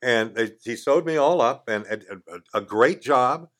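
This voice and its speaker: Spinning a lively yarn in a radio studio, an older podcast guest tells his story casually, voicing the characters he quotes and chuckling as he goes. He speaks a little slowly in a mid-range voice.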